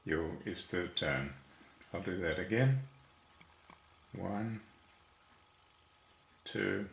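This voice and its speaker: Man, low voice, slow and patient, counting strokes, echoey room. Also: vocal fry, fairly bright tone, slight background noise. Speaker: Chinese writing teacher.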